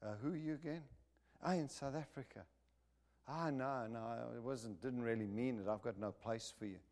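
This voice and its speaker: Preacher putting on a self-important pastor, offhand and dismissive. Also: male voice, mid-range voice, normal speed, darkish tone, close to an everyday voice. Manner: offhand, brushing someone off.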